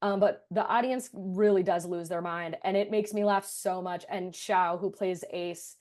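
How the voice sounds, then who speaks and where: A woman's voice: fairly low pitch, fairly even intonation, measured pace, darkish tone. A young woman from the United States, a writer, in a casual interview, telling stories with self-deprecating humor. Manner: laughing, self-deprecating storyteller. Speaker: writer and creator of the musical.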